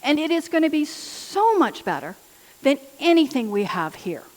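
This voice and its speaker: A woman's voice: high-pitched, big pitch swings, moderate pace. A woman giving a sermon in an earnest, personal storytelling manner. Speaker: lay preacher. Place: church hall. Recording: church hall with long reverb.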